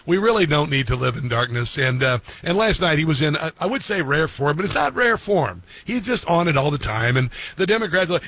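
A man's voice: a little high, big pitch swings, a little fast, few pauses, fairly bright tone, breathy edge. A middle-aged man hosting a talk radio show, rambling casually with many fillers and restarts. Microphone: studio mic.

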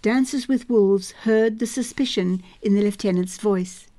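Slow, mellow woman narrating a novel. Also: medium pitch. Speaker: audiobook narrator.

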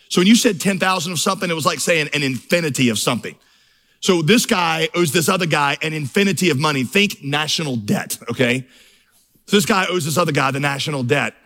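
Middle-aged guy preaching, bit high-pitched, storytelling then climbing into big fervent runs. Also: fairly bright tone. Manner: storytelling, building to fervent crescendos. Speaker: pastor. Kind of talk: sermon.

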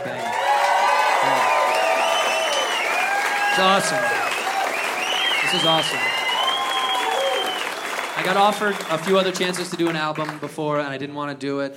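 A man performing an animated stand-up comedy set on stage, telling a story and acting out loud voices. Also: mid-range voice. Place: live comedy venue with audience. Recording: live show with crowd noise and laughter.

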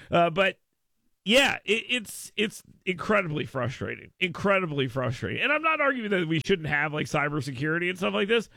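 Man, talk radio host, rambling and repetitive, high voice, gravelly fry, dry studio mic. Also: sharp tone, no room sound. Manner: rambling and repetitive, laughing often. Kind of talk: casual talk radio rant.

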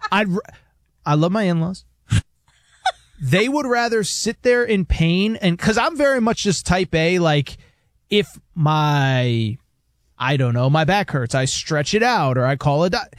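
A man co-hosting sports radio, telling stories in an animated way and acting out other people. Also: high voice, unhurried, no room sound, studio quality. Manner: animated storytelling, mimics people. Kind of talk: casual sports radio chat.

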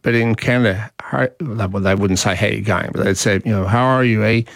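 An Australian man hosting a talkback radio show, chatty and quick to quote everyday phrases. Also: lowish voice, fairly even intonation, no echo, studio quality. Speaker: radio host.

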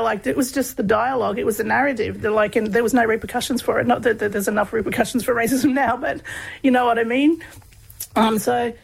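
A woman's voice: a little high, creaky, breathy edge, rough recording. An Australian woman telling a personal story as an interview guest, chatty and laughing often as she talks. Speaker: guest, PhD researcher on humour.

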